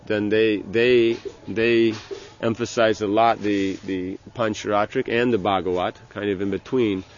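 A man giving an informal religious lecture as a spiritual teacher, talking in a halting way with many restarts and "you know". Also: fairly low pitch, fairly even intonation, lo-fi sound, slight background noise.

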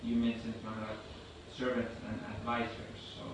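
Soft-spoken man asking from afar. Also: on the low side, completely flat delivery, fairly quick, far from the mic. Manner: hesitant, soft-spoken questions. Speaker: student asking questions. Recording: echoey room recorded from afar with background noise.

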